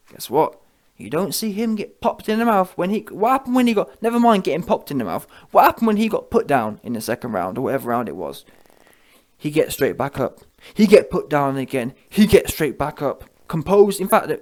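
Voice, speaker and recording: Brash male boxing commentator, slangy and opinionated, voice sitting a bit high. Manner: brash, slangy, keeps asking "yeah?".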